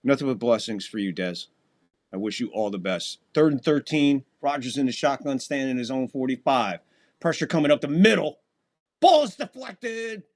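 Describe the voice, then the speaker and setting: A man's voice: medium pitch, a little fast. A man hosting a live fan stream, calling the plays of a football game and chatting casually with viewers between snaps. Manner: casual, chatty, talks to chat between plays, voice jumps up on big plays. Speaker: host and play-by-play caller. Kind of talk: live fan play-by-play commentary.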